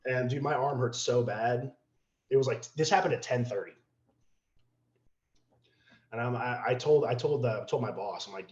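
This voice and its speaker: This guest on a podcast has a medium-pitched voice, normal speed and long pauses. He tells a casual, profane story with animation, acting out the voices of those in it, and the audio is roomy and slightly dull.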